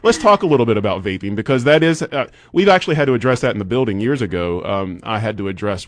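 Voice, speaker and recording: A man's voice: medium pitch, lively intonation, fast talker, few pauses, dry recording. A young adult man hosting a casual radio interview, chatty with frequent restarts and sarcastic asides. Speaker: radio show host. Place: radio studio.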